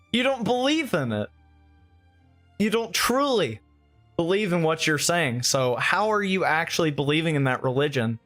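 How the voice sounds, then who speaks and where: A man's voice: on the high side, very animated, measured pace, pauses often, a bit bright, faint music behind. A man co-hosting a livestream, reacting to clips with casual, mocking commentary. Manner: sarcastic, mocking. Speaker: livestream co-host.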